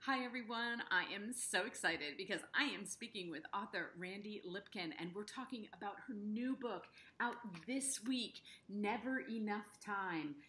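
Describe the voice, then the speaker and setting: A middle-aged woman, an interviewer and book reviewer, gushes with enthusiasm while interviewing an author, tumbling over her words and restarting as she talks over herself. Her voice is medium-pitched and sharp in tone, at normal speed with hardly any pauses. There is a little hiss or hum.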